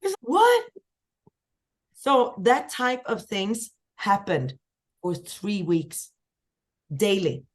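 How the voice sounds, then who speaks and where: A woman from Sweden, a singer-songwriter guest telling lively stories in a casual podcast chat. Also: slow pace. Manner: lively storyteller, acts out quoted voices with big pitch jumps.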